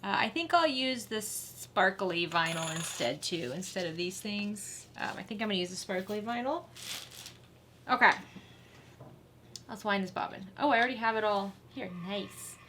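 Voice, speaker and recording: A woman's voice: mid-range voice, normal speed, sharp tone, slight background noise. A woman hosting a casual sewing tutorial, chatting and laughing with viewers while she works. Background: faint sewing machine whir.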